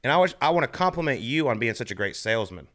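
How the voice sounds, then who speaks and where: A man's voice: medium pitch, very animated, quick pace, fairly bright tone. Easygoing man co-hosting a golf podcast. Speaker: podcast co-host. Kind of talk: casual chat.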